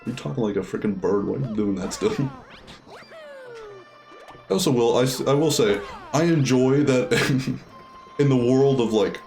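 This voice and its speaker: A let's play streamer chats casually while gaming, thinking aloud with many fillers. His medium-pitched voice has a darkish tone, moves at normal speed and pauses often. Soft music plays in the background.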